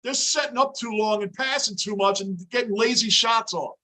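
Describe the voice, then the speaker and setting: A man's voice: high-pitched, normal speed, pushed and bright. A man hosting a live sports reaction stream from his home basement, ranting intensely as a frustrated fan. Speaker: livestream host.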